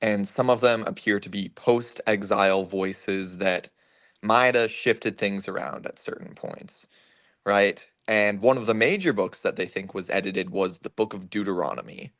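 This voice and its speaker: A man on a video call explaining biblical scholarship in a measured way. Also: fairly low pitch, a bit bright.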